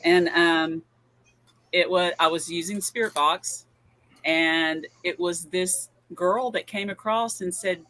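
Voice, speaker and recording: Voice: mid-range voice, steady tone, slow, pushed and bright. A guest in a casual chat, laid-back with short answers. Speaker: clip submitter.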